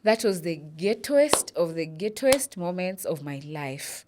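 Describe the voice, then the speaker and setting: A woman's voice: on the low side, a little slow, heavy background noise. A young Kenyan woman with a Kenyan accent, telling a personal story and switching between English and Swahili. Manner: animated, mixes English with Swahili, acts out quotes. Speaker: vlogger.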